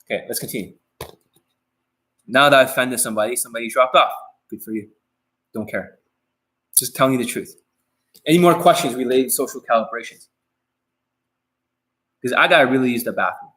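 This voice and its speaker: Man, dating coach, live stream Q&A, blunt, swears a lot, rambling, repeats himself, mid-pitched voice. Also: fairly quick, long pauses, pushed and bright, poor audio. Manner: repeats and restarts phrases.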